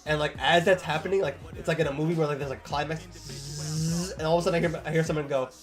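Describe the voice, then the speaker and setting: A man's voice: a little high, steady tone, quick pace. Rambling, swearing young man telling a story. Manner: rambling, swears a lot, acts out quotes. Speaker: streamer. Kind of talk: casual storytelling.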